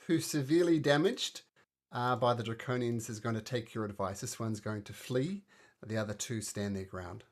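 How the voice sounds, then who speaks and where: A man running a tabletop game as game master, chatty and cheerful, with bursts of excitement when the dice go well. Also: medium pitch, moderate pace.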